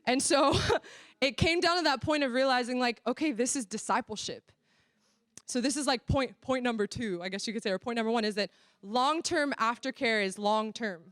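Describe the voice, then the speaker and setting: Animated American woman with a high voice. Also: moderate pace, no room sound, studio quality. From Florida, USA. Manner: animated storytelling, acting out dialogue. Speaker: church workshop speaker. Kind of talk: casual sermon-style talk.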